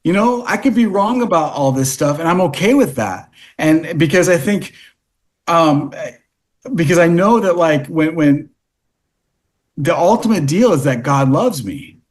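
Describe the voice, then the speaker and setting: A man in a casual podcast chat tells stories in a rambling way, restarting sentences and leaning on fillers. His voice sits a little high for a man, and he gets animated as he recounts events. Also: a little slow. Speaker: podcast guest. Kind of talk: casual storytelling.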